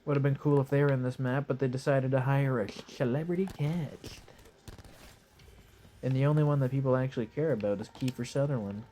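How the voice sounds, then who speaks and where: A young man talks through a game he is playing live, laid-back and rambling, with the odd casual curse. His voice is hoarse and his nose stuffed up, since he is lying in bed as he records. A faint background hiss sits under his mid-pitched voice. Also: steady tone, fairly quick, mellow. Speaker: gaming commentator. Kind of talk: casual live gameplay commentary.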